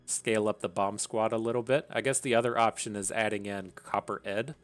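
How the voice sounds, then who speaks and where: A man's voice: fairly low pitch, fairly even intonation, fairly quick, soft background music. A man giving casual commentary while playing a video game, rambling, repeating words and swearing now and then. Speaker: gaming streamer.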